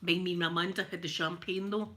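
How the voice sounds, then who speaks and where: A woman's voice: fairly low pitch, steady tone, quick pace, fairly bright tone, slight background noise. A Scottish woman hosting her channel, telling rambling stories in casual chat and laughing often. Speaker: channel host.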